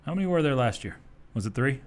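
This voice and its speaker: A man's voice: mid-range voice, expressive, fast talker. A man hosting a sports talk radio show in a studio, speaking casually and often chuckling as he talks. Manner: easygoing, chuckles often while talking.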